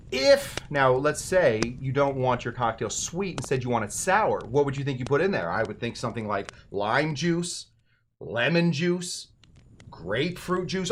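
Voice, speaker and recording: A man's voice: mid-range voice, a bit bright, a little hiss or hum. A man hosting a cocktail show, talking casually with rambling, self-deprecating jokes and asides. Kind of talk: casual comedic how-to talk.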